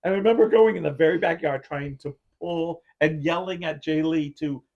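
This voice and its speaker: A man's voice: fairly high pitch, moderate pace, gravelly, dull audio. A man hosting a podcast in casual chat, telling a long rambling story full of "like" and acting out his own past reactions. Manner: heavy use of filler "like". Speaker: podcast host.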